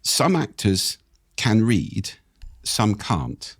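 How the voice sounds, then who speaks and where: An older man with a husky voice, explaining speaking technique in a lively, expressive conversational way. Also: lowish voice, drawn-out words, dry recording, studio quality. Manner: animated, expressive intonation. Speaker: voice coach guest.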